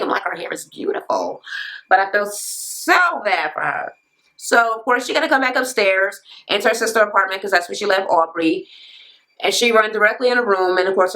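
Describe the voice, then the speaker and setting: A woman's voice: fairly low pitch, a bit bright. Sassy, profane woman ranting. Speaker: reality TV recap host. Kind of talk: casual ranting recap. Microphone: camera mic.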